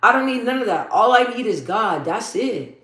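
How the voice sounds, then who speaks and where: Woman vlogger, deep bassy voice, high for a man's, blunt slangy chat, repeats lines for emphasis, echoey room. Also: very animated, normal speed, fairly bright tone. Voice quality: deep for her, in her own words. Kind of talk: casual chat while doing makeup. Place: at home doing makeup. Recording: roomy echo.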